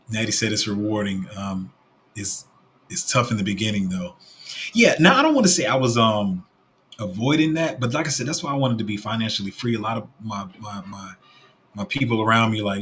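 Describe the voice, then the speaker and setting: A young man talks low and easygoing, hosting a livestream and reading out viewer comments as he goes. He rambles, stops and restarts his sentences, and fills the gaps with ums. A faint hiss of room ambience sits under his voice. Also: brisk, fairly bright tone. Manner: rambling, with many fillers and restarts. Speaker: crypto livestream host.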